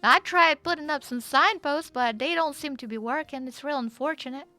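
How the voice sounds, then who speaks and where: Woman playing a bright, polite Southern belle. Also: high-pitched, soft background music, voice pushed up. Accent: put-on Southern US. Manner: polite, folksy, drawn-out. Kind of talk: wild west role-play.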